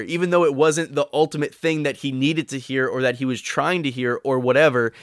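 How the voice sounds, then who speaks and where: A man's voice: mid-range voice, fairly bright tone, dry recording, clean studio sound. A man giving devotional teaching in an earnest, encouraging way, sometimes acting out the voices he quotes. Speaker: podcast teacher.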